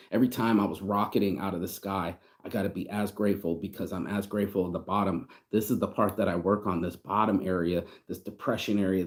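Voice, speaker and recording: A man's voice: low voice, darkish tone. A man vlogging in a rambling, profane, heartfelt monologue, close to tears. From United States. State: tearing up. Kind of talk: casual reflective monologue.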